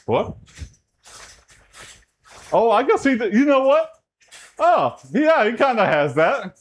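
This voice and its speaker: A man from Texas, chatting casually with his livestream chat during a workout. His talk rambles, and his voice jumps up in pitch when he gets excited. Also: takes it slowly, long pauses, a little hiss or hum. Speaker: streamer.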